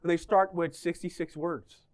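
A man's voice: on the high side, flat delivery, normal speed. A man preaching a sermon, joking and asking the congregation questions as he talks. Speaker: pastor.

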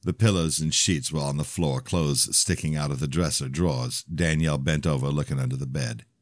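A man's voice: rumbling low, a little fast, dry recording. A man narrating his own novel in the first person, in a plain storytelling manner.

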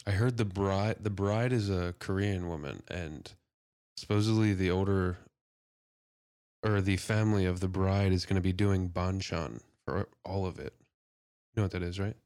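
A man's voice: deep voice, steady tone, moderate pace, a little mellow, no room sound, studio quality. A man in a casual podcast chat, laid-back and laughing easily, swearing casually.

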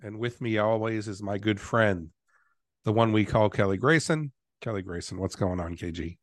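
A man hosting a podcast, talking in a relaxed conversational way with a co-host. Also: on the low side, moderate pace, no room sound. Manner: energetic intro then relaxed conversational. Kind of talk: casual chat.

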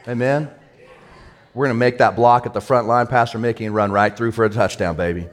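A male pastor giving a sermon in a casual, excitable way, with everyday slang. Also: medium pitch, a little fast.

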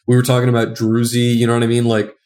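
A man's voice: medium pitch, completely flat delivery, fast, darkish tone. A young adult man who is a guest comic artist, chatting casually on a podcast and rambling with a lot of filler words.

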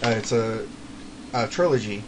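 A man co-hosting a casual talk show about rock albums, chatty and quick to laugh. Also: fairly low pitch, animated, noisy background. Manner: chatty, laughs often, quotes people in passing. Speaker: podcast co-host.

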